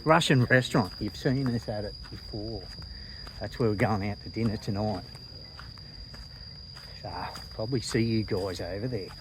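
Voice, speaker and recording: A man's voice: lowish voice, moderate pace, long pauses, noisy background. A man with an Australian accent chatting casually to camera in a vlog, blunt and slangy, swearing freely. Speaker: vlogger.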